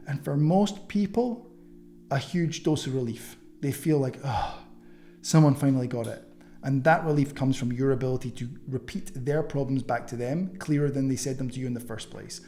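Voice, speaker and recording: A man's voice: medium pitch, moderate pace, warm tone. A man teaching an online coaching course in a blunt, casual way, swearing freely.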